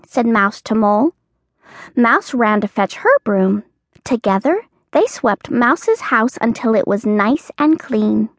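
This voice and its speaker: A woman narrating a children's audiobook in a clear, expressive storytelling manner. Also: on the high side, takes it slowly, no echo, clean studio sound.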